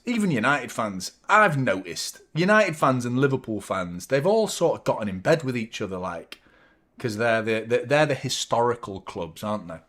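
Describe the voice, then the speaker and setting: A young adult man, hosting a football watchalong in casual live-stream chat. He rambles, swears freely, reads viewers' comments aloud, and sounds drained. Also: fairly low pitch.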